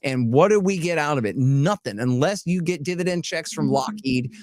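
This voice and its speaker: A man speaking as a guest in a casual podcast conversation, blunt and emphatic, firing off lists of points with rising heat. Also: a little high. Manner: emphatic, blunt and animated, piling up rapid lists; mocking tone when voicing opponents.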